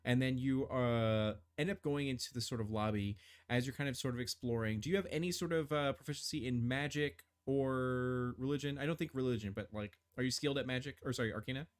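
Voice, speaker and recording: A man's voice: mid-range voice, fairly quick, hardly any pauses, clear, resonant tone. A man running a tabletop game as game master, describing scenes with many fillers and restarts.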